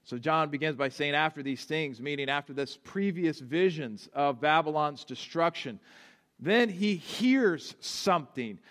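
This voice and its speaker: A man's voice: fairly high pitch, expressive, unhurried, fairly bright tone. A man preaching a sermon as pastor, explaining earnestly with small restarts. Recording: long hall reverb.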